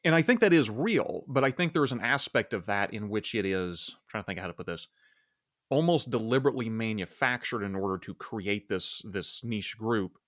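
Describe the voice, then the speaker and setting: A man's voice: fairly low pitch, animated, normal speed, fairly bright tone. A man from Oklahoma hosting a podcast, talking casually and searching for his words. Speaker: podcast host. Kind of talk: casual interview talk.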